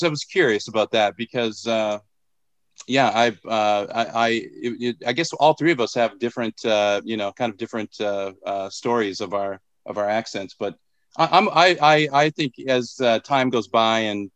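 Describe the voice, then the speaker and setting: A man in his forties from Minnesota, co-hosting a casual podcast chat in a halting, questioning way with many restarts. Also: mid-range voice, a bit bright, clear, resonant tone, dry recording. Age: 40s. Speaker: podcast co-host.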